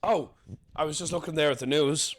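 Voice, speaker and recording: Lad cohosting a comedy podcast, jokey and sweary, quick asides, young. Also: male voice, on the high side. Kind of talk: casual banter.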